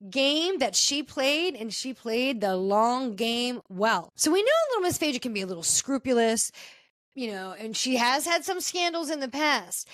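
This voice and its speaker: Animated woman recapping reality TV gossip. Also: sits high, no room sound, studio quality. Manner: animated, gossipy, acts out quotes. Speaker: podcast host. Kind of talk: casual pop-culture recap.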